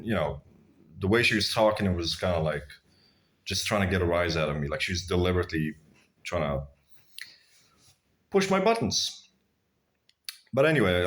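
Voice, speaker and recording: A man's voice: sits low, fairly bright tone. A man telling blunt, crude personal stories to his viewers in a rambling, casual way, calling them guys. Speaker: vlogger. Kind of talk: casual storytelling to camera.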